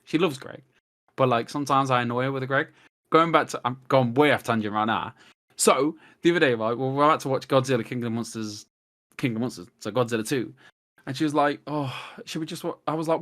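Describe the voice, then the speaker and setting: Man, podcast guest, casual chat, rambling storyteller, acts out quotes, medium pitch. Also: fairly quick, fairly bright tone.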